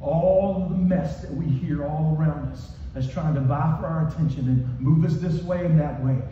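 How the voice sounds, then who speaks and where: High-voiced preacher in an echoing hall. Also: male voice, normal speed, a little hiss or hum. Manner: emphatic, repetitive preaching that swings from shouting to soft. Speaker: pastor. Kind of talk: sermon. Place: church hall. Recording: echoey hall from far off, dull.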